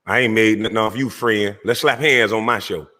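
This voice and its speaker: Confrontational male streamer host, mocking tone, bright forceful voice. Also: on the low side, moderate pace, in a large hall. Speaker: online show host. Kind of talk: heated livestream rant.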